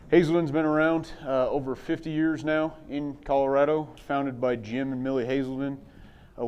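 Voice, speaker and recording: Mid-pitched male safety manager, steady company-intro delivery, a few "uh"s. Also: lo-fi sound. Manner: steady, slightly scripted delivery with "uh"s. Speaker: construction safety manager presenting. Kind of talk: conference presentation introducing his company.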